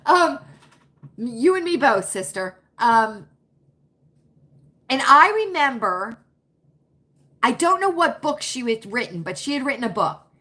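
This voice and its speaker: Slow-talking, emphatic woman livestream host. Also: on the high side, sing-song, pushed and bright. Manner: emphatic, repetitive, opinionated. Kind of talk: casual livestream chat, reading viewer comments.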